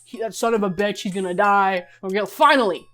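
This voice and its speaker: A young woman giving a comedic movie recap, animated and laughing often, swearing as she acts out the characters. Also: mid-range voice, quick pace, soft background music. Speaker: commentary host.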